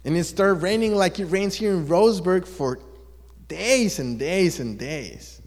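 A man telling a story to listeners in an animated, drawn-out way, asking them questions as he goes. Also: sits high. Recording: long echo of a large hall.

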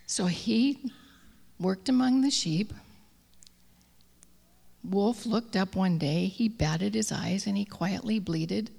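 Slow, whispery woman storyteller in a hall. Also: mid-range voice, vocal fry, breathy edge. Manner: slow, drawn-out reading that drops often to a soft whisper. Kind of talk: read-aloud storytelling.

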